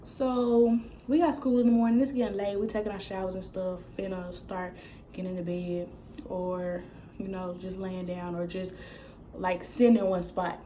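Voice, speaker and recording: A woman's voice: mid-range voice, normal speed, slight background noise, rough recording. Young woman telling a casual storytime. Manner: casual, animated retelling with quoted dialogue. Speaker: vlogger. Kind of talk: storytime vlog.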